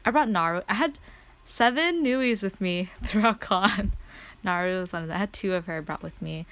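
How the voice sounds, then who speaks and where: Excitable young woman streamer chatting. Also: mid-range voice, moderate pace, clean tone. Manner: excitable, laughs often, says "like" a lot. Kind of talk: casual story time chat.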